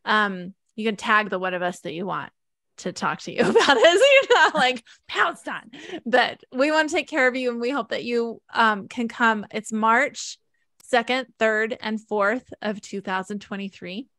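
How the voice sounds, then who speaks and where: This is a gushing, emotional woman hosting an event. Her voice sits a touch high and sounds dry and close, with no room around it. She talks over a video call. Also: measured pace, bright, forceful tone, no echo. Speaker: event host. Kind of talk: casual group chat.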